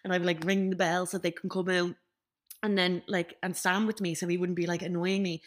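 A young woman co-hosting a podcast, telling a story in casual chat and acting out the voices of the people in it. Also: a little fast. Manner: animated, acts out quoted voices with big pitch jumps. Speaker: podcast co-host.

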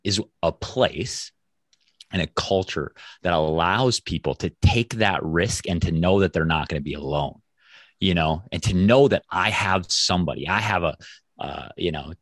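A man's voice: deep voice, moderate pace, fairly bright tone, no room sound. A man hosting an interview, reflective and affirming as he responds to his guest. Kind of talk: conversational interview.

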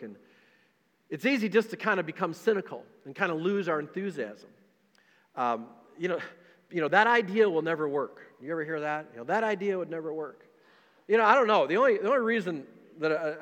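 A man's voice: fairly high pitch, fairly bright tone, in a large hall, dull audio. A man preaching a folksy, conversational sermon as pastor, often repeating words as he goes. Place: church sanctuary.

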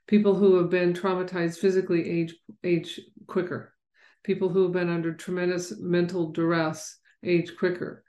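At a moderate pace, a woman with a low, dark voice and little pitch movement recounts something personal. She is candid and earnest, restarting frequently, and the room is audible around her.

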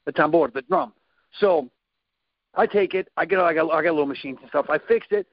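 Male storyteller, high animated voice with gravel, acts out sound effects; dry, slightly muffled recording. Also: fairly quick, no echo. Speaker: guest telling a story. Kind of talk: casual storytelling.

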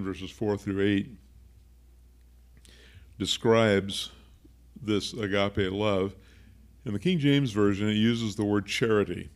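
A pastor delivers a conversational sermon, stopping to unpack word meanings and drift into asides. His man's voice sits low and carries a steady gravelly fry.

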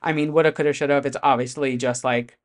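Chatty, animated pop-music vlogger. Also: mid-range voice, fast. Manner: chatty, animated, heavy on fillers and swearing. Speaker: pop music commentator host. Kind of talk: casual chat to camera.

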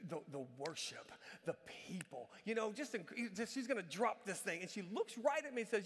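A man, a traveling church speaker, telling a story in a sermon with animated, self-mocking energy. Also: high-pitched, brisk, long reverb tail, slight background noise. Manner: says he can be loud.

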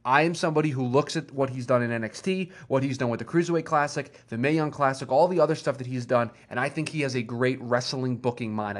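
A man hosting a casual chat show, talking enthusiastically and rambling, with restarts as he goes. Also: medium pitch. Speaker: podcast host.

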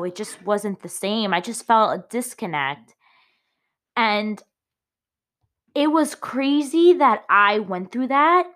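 A woman's voice: on the high side, a bit bright. A woman hosting her own podcast, talking through a personal story in a candid, emotional, rambling way with plenty of fillers. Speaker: podcast host.

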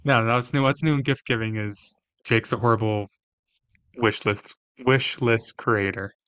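A man's voice: mid-range voice, moderate pace, a bit bright, clean tone, no echo. A man co-hosting a podcast in casual chat, teasing his friends and hesitating with fillers. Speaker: podcast co-host.

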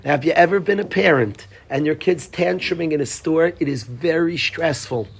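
A middle-aged man, a rabbi, giving a Torah lecture to a congregation, telling stories with animated delivery and scattered Hebrew and Yiddish terms. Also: a little high, moderate pace, creaky, husky.

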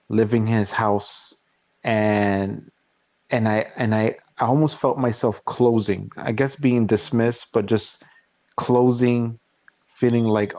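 A man's voice: medium pitch, mellow, no room sound. Guy in his 40s on a podcast, talking casually, tells stories and plays out both sides of an argument, muffled dry audio. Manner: storytelling, acting out both sides of a quarrel. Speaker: podcast host. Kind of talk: casual chat. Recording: dull, dry lo-fi recording.

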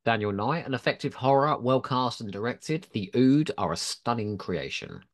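A man's voice: medium pitch, expressive, normal speed. A man co-hosting a podcast, chatting casually, reading listener reviews aloud and laughing often. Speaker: podcast co-host.

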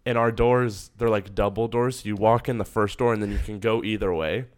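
A young man with a somewhat low voice tells a story in a casual, chatty way, laughing and acting out what the other people said. He is co-hosting a podcast and speaking into earbuds. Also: fairly even intonation, a little fast. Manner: chatty, laughs while telling stories, acts out quoted voices. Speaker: podcast co-host.

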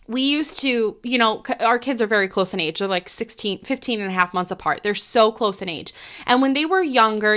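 A middle-aged woman hosting a podcast, talking gently and earnestly in a reflective monologue, thinking aloud with frequent restarts. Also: mid-range voice. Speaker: podcast host.

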